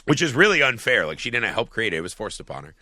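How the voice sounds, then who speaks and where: A lowish-voiced man co-hosts a podcast, talking fast, very animated and sharp-toned as he rambles casually and profanely about a film, saying "like" constantly. The recording is studio quality with no room sound.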